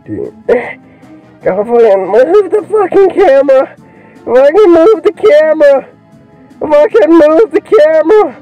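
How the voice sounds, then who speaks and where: Young guy yelling and cussing at a game, high voice, muffled cheap mic, game music behind. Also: a little slow. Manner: excitable, swears constantly, yells at the game. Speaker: gaming video creator. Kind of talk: let's play commentary.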